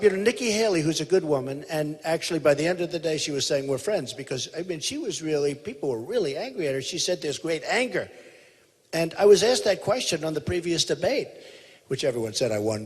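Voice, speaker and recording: Male candidate, emphatic rally delivery, slightly high voice, theater reverb. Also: breathy edge. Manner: emphatic, repetitive, boastful, quotes others in a mimicking voice. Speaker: presidential candidate speaking at a rally. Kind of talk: rally speech in conversation onstage. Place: large theater hall.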